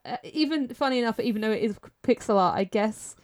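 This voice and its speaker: A woman's voice: a little high, fairly quick, a little mellow. A woman chatting casually on a group podcast, rambling with lots of fillers. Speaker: podcast panelist.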